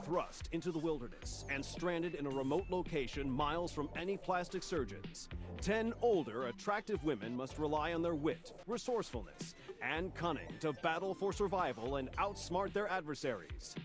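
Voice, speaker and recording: A man doing a booming TV promo announcer. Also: lively intonation, normal speed, over music, lightly acted. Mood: dramatic. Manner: dramatic trailer-announcer delivery. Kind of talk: video game voice acting.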